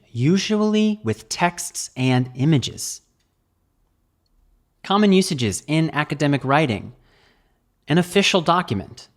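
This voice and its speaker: A man with an American accent reading a scripted vocabulary lesson, enunciating each word slowly and clearly. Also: on the high side. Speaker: English vocabulary teacher.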